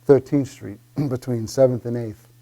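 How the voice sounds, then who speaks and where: A man guest chatting casually about his shop, relaxed and a little hesitant, trailing off softly. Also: medium pitch, normal speed. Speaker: guest, health-food shop owner. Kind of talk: casual chat.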